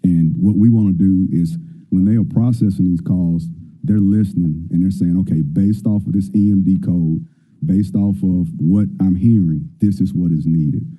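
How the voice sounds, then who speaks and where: A male fire department official calmly answering budget questions at a public hearing. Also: low voice, breathy edge. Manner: measured, explanatory. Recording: tinny phone-like meeting audio.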